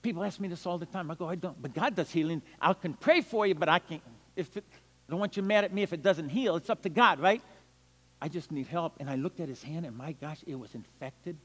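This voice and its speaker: An older man with a high voice preaches as a missionary evangelist, telling stories with animated swings from loud bursts down to hushed murmurs. His voice carries a long reverb, as if spoken in a large hall. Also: fast. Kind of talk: storytelling sermon.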